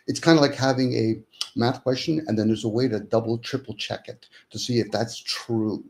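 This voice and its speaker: A man's voice: mid-range voice, fairly even intonation, brisk, vocal fry, darkish tone. A man in casual conversation as a guest, arguing in rhetorical questions and acting out the voices of people he quotes.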